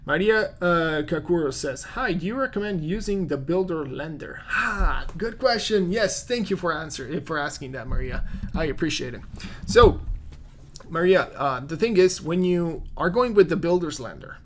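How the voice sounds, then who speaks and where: A man with a non-native English accent and a fairly high, animated voice speaks at a normal pace over slight background noise. He's a real estate agent hosting a casual live-stream Q&A, chatting away and using lots of fillers while he answers viewer comments.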